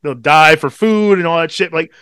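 A man co-hosting a podcast, telling a story in casual chat, swearing constantly and animated. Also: a little high, moderate pace, clean tone, dry recording, clean studio sound. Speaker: podcast co-host.

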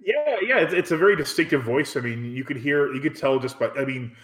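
A young man co-hosting a podcast, talking in a relaxed, wry way with lots of fillers. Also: mid-range voice, brisk. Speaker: podcast co-host. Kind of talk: casual chat.

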